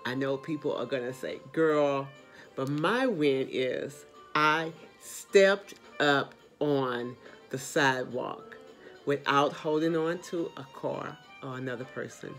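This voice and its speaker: A woman hosting a motivational talk, speaking straight to her viewers with encouragement, repeated phrases and sudden high exclamations. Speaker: motivational host.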